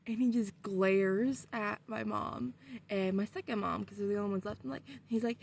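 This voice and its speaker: A woman vlogger telling a story in casual, excitable talk, swearing often. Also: mid-range voice, brisk, gravelly, a little hiss or hum.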